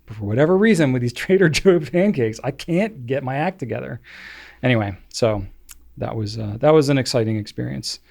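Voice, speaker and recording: A man's voice: mid-range voice, lively intonation, fairly quick, vocal fry, darkish tone. A middle-aged man co-hosting a podcast, chatting casually and rambling with lots of fillers. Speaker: podcast co-host. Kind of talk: casual chat.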